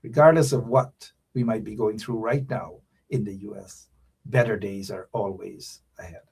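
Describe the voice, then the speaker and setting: A man's voice: lowish voice, fairly even intonation, normal speed, gravelly, darkish tone, husky. Man preaching to his viewers. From Guyana. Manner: preachy, repeats phrases, addresses viewers directly. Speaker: show host. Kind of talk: casual live-stream sign-off.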